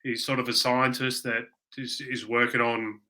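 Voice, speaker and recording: An Australian man co-hosting a podcast in casual chat, with a very bright, forceful tone. He rambles in a relaxed, conversational way. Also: mid-range voice, moderate pace. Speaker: podcast co-host.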